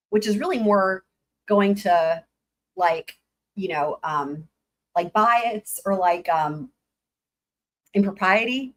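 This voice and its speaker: Woman, live-stream legal commentator, casual and animated, mid-range voice, reads filings aloud with exasperated asides. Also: medium pitch.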